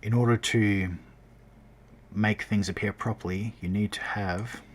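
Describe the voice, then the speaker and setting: A man's voice: on the low side, fairly even intonation, a little slow, slight background noise. A man streaming game development, chatting casually as he works and often correcting himself mid-sentence. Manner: rambling, self-correcting, talking while working. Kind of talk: casual tutorial livestream.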